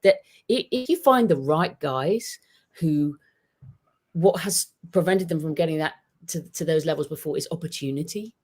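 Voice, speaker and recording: A woman football journalist, a guest on a podcast interview, talking in a thoughtful, animated way with frequent restarts. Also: low-pitched, moderate pace, slightly rough. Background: dog nearby at home.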